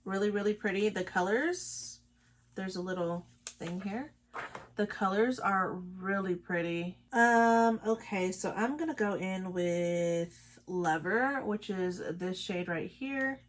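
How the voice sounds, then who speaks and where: A woman's voice: medium pitch, slow pace, a little hiss or hum. A woman, chatting casually and telling gossipy stories with sassy asides while she does her makeup. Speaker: beauty vlogger.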